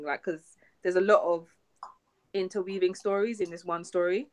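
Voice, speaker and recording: A young woman co-hosting a geek podcast, chatting excitedly and laughing often. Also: on the low side, a little fast. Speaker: podcast co-host. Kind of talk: casual geek chat.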